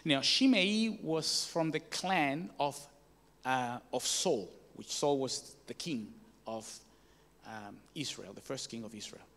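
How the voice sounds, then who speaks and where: A man's voice: medium pitch, lively intonation, slow pace, a bit bright. A man giving a sermon, telling a story with many fillers and restarts and rising emphatic peaks, in a church hall. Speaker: preacher.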